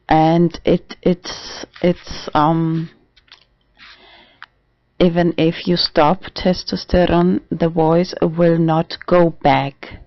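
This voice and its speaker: A trans man talking haltingly in a casual video diary, with many restarts and fillers. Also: on the high side, gravelly, dry recording. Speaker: vlogger. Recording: dull dry lo-fi recording.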